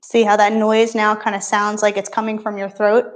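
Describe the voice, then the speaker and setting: A woman's voice: medium pitch, flat delivery, normal speed. A woman yoga instructor talking a beginner class through poses and breathing, with encouraging, playful step-by-step cues.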